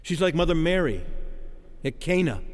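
A man's voice: fairly high pitch, in a large hall. A man preaching a sermon in a dramatic cadence, acting out the voices of the people he quotes.

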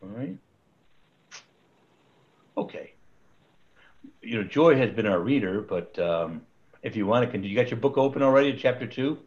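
Male Bible study leader on a video call, mid-pitched, rambly, chuckles often, dull audio. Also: expressive, normal speed, pauses often, darkish tone. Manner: rambling, restarts, chuckles at his own jokes. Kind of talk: casual online Bible study teaching.

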